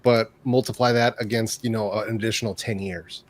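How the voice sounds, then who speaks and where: A man co-hosting a casual podcast as a content creator, often chiming in with quick agreement. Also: lowish voice, steady tone.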